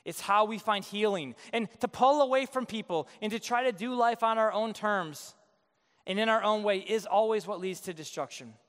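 A male pastor preaches a sermon in a casual, joking, conversational way, acting out the quotes in his story. His voice sits high and is a bit bright, at normal speed, with a long reverb tail.

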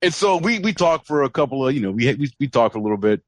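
Animated man telling a story. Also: mid-range voice, fast, no room sound. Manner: animated storytelling, acts out quoted voices. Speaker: podcast co-host. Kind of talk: casual chat.

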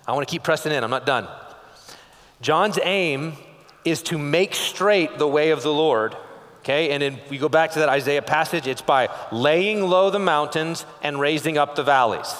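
A man's voice: a little high, fairly bright tone. Preaching man from West Texas, reverberant hall. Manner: conversational preaching, rapid rhetorical questions, frequent "okay?". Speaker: pastor. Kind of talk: sermon.

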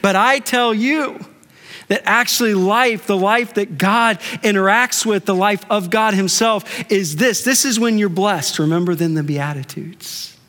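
A man pastor preaching a sermon in a conversational way, with rhetorical questions and drawn-out emphasis. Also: high voice, a bit bright. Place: church sanctuary. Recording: long church reverb.

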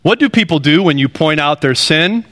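A male pastor preaches with earnest, conversational emphasis, letting his phrases climb as he drives a point home. His voice sits a little high and rings bright and clear. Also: lively intonation, moderate pace. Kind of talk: sermon.

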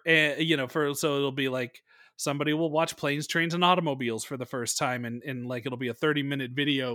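Rambling, animated man talking films. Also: medium pitch, no room sound, clean studio sound. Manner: rambling, animated, swears freely. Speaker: podcast co-host. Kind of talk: casual film discussion.

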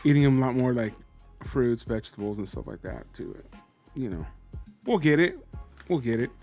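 A man's voice: mid-range voice, animated, moderate pace, darkish tone, soft background music. A man co-hosting a podcast in laid-back, joking casual chat. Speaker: podcast co-host.

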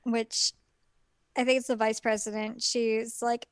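A young woman co-hosting a casual chat, adding short relaxed comments. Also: a little high, unhurried, clean tone, dry recording, clean studio sound. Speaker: podcast co-host.

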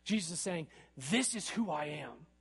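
A man preaching a sermon in an animated way, building to emphatic peaks and often checking in with "right?". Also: on the high side, moderate pace, creaky, a little hiss or hum.

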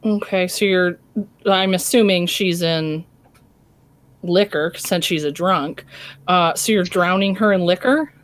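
A woman's voice: on the low side, unhurried. A woman player in a tabletop game, asking questions in a casual, hedging way.

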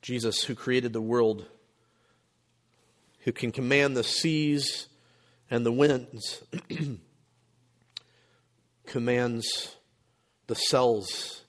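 A male pastor preaching a sermon, emphatic, with rhetorical questions and frequent throat clearing. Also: mid-range voice, steady tone, drawn-out words, long pauses.

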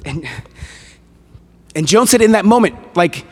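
Male guest preacher, casual storytelling sermon, raised pitch, long hall echo. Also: a little slow, breathy edge. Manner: conversational, animated retelling with casual fillers. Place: church hall. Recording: echoey hall reverb.

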